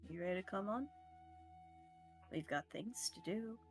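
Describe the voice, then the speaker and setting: A woman voicing an old male cat who coaxes gently in a soft, lowered voice. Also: a little slow, soft background music, lightly acted. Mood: coaxing. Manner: soft, coaxing, low-key.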